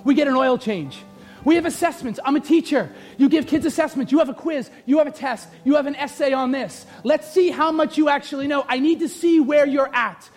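A man preaching a sermon as pastor in a church, often shouting with humor. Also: extremely high pitch, fairly quick, soft background music.

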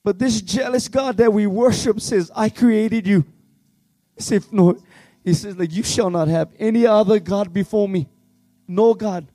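Worship leader, man, high mellow voice, fervent and pleading, dry close sound. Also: unhurried, dry recording. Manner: fervent, pleading, swings between shouting and hushed tones. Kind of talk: impassioned youth revival sermon.

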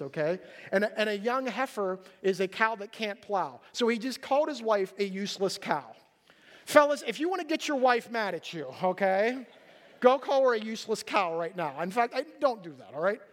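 A male pastor giving a sermon, retelling the story in a lively, joking way and acting out its characters. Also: high-pitched, brisk, long reverb tail. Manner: animated storytelling, acts out characters, jokey asides.

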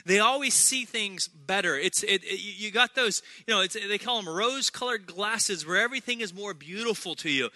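A man preaching a sermon as pastor, energetic and humorous, repeating key phrases for emphasis. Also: high-pitched, moderate pace, few pauses, no echo.

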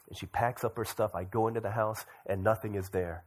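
A young adult man who is a pastor, preaching a sermon in a lively way and acting out quoted voices. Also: lowish voice, a little fast, hardly any pauses. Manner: animated, acts out quoted voices.

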